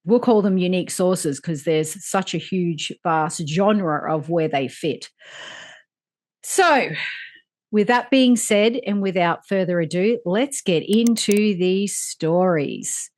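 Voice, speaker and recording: A woman hosting a podcast, introducing a guest in a measured, deliberate way. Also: fairly low pitch, a little mellow. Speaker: podcast host. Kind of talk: introducing a guest on a talk show.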